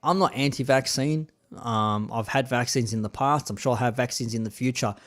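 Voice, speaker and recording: A man's voice: mid-range voice, normal speed, a bit bright. A man in his thirties with an Australian accent, hosting a laid-back, rambling live-stream chat in plain slang.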